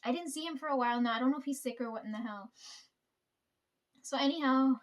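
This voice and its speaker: Young woman, high voice; loose, profane storyteller who laughs often. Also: fast talker. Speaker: vlogger. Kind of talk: casual storytelling.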